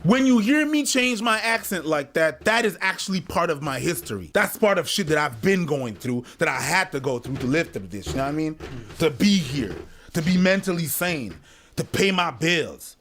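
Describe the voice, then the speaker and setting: A man's voice: on the high side, very animated, normal speed, a bit bright, slight background noise. A man in a casual discussion who speaks bluntly and swears freely, clip played from another video.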